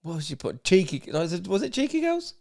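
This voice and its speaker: A man hosting a podcast, in relaxed, sweary chat with laughter. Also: high voice, quick pace, gravelly. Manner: laid-back, laughing, swearing banter. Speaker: podcast host. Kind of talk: casual chat.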